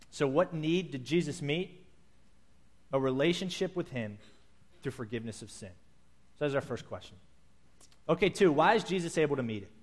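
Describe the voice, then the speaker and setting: A man preaching a sermon, telling a scripture story in vivid, animated detail and acting out its scenes. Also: on the high side.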